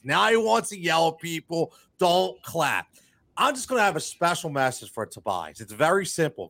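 A man hosts a sports podcast in a high-ish, somewhat bright voice, recorded with no room sound. Between ad reads and casual sports talk, he works himself into fired-up rants, repeating words along the way.

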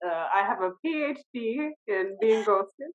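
A woman's voice: a little high, lively intonation, unhurried. Chatty woman with dull lo-fi sound. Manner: chatty, laughs through her lines. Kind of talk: casual TV recap chat.

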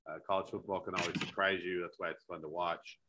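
A man's voice: low voice, level tone, fast talker, noisy background. A man co-hosting a podcast, chatting casually about football, rambling and laughing between points. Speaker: podcast co-host. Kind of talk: casual sports chat.

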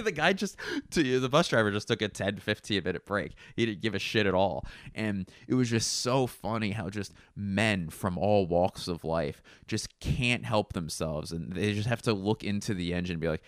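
A man's voice: deep voice, normal speed, no echo, studio quality. A young man hosting a podcast, telling a long, profane, rambling story and mimicking the people in it. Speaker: podcast host. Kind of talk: casual storytelling monologue.

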